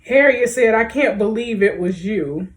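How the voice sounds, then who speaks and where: A woman doing let's play commentary, reading in-game messages aloud and talking straight to her viewers in a lively, chatty way. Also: a little high, a little slow. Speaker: gaming video creator.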